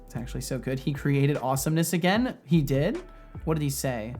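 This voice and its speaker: A man chats casually on a live stream, reading out viewer messages and rambling between laughs. His voice sits at an ordinary middle pitch. Faint guitar music plays quietly behind him. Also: expressive, brisk. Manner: rambling, laughs often, reads chat aloud. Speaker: streamer and game developer.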